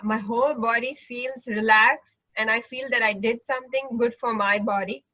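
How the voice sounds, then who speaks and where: Woman meditation leader, bright and fairly high, eager, muffled call audio. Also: fairly even intonation, normal speed. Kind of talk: guiding a mantra meditation class. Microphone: video call.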